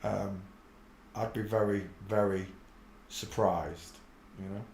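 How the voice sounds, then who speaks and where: Slow rambling man in an echoey room. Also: lowish voice, fairly even intonation, gravelly, a little mellow, slight background noise. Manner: rambling, muttering while searching. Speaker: channel host. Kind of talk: casual live-stream commentary.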